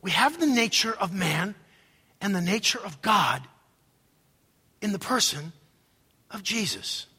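A man preaching with a very high, bright and forceful voice. He delivers a dramatic sermon, rising to near shouts and dropping to hushed asides. A long reverb hangs around him in a large church hall. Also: big pitch swings, measured pace, long pauses, breathy edge. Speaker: pastor.

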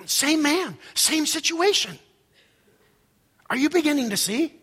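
A male pastor preaching a sermon dramatically, swinging from loud outbursts to hushed asides. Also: very high-pitched, expressive, a little slow, long pauses, big-room sound.

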